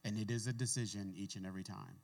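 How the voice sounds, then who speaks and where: A pastor with a fairly low, darkish voice gives a casual sermon, speaking fast with fairly even intonation. He talks conversationally, reading scripture aloud and drifting into offhand asides.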